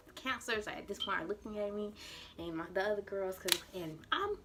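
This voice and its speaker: Animated young woman telling a story. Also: mid-range voice, a little fast, soft background music. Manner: animated, dramatic retelling; acts out her panicked past self in quotes. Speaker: vlogger. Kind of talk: storytime vlog.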